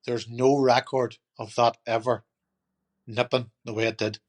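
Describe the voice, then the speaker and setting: A man's voice: mid-range voice, level tone, unhurried. Chatty man telling a story. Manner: chatty, rambling, lots of "you know" and "turned around and says". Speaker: podcast guest. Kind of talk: casual storytelling.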